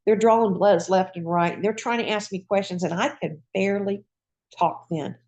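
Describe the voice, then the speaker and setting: A woman, a retired nurse, telling her own patient story in a lively, folksy conversational way. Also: medium pitch, moderate pace. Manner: lively, acts out voices in quoted dialogue. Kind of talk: personal storytelling.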